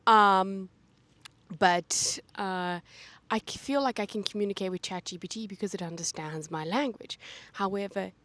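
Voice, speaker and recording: A woman's voice: mid-range voice, moderate pace, fairly bright tone. A young woman vlogging in a casual, chatty way, thinking aloud with fillers and side remarks. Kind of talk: casual vlog chat.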